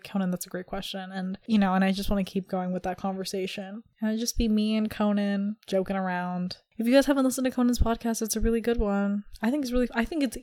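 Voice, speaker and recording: A woman's voice: medium pitch, darkish tone. A young woman hosting a casual podcast, rambling and teasing with lots of fillers. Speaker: podcast host. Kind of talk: casual chat.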